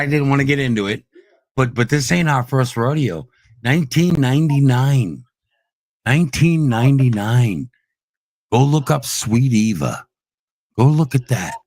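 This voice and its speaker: This livestream host rants angrily and profanely, repeating himself as he takes on his critics. His voice sits in the mid-range and sounds a little mellow, recorded studio-clean with no echo.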